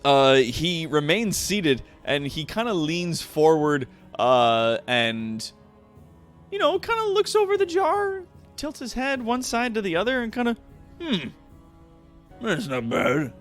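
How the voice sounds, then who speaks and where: Animated male game master. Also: high voice, measured pace, faint music behind. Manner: laughing easily, lively and casual. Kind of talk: narrating a tabletop game.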